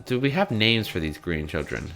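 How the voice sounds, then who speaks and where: A young man with a bright, sharp voice that jumps around lively in pitch. He teases his co-host and goofs around in a loose podcast chat. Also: creaky. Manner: goofy, teasing, quick to laugh. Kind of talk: casual comedic podcast chat.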